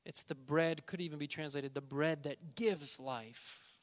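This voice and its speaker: A man preaching a sermon, emphatic, slowing down and stressing key words. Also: on the high side, fairly even intonation. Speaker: pastor.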